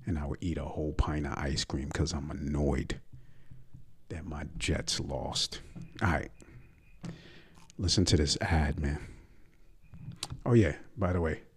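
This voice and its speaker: A man's voice: extremely low pitch, steady tone, measured pace, long pauses, breathy edge. A man hosting a podcast, ranting casually and profanely about sports and often dropping into muttered asides. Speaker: podcast host and comedian. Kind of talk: casual solo sports rant.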